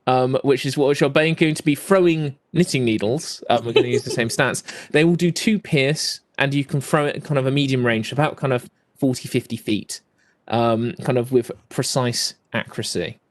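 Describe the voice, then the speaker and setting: A man's voice: medium pitch, moderate pace, no echo. A man narrating as game master, describing scenes and rules with plenty of ums and "kind of".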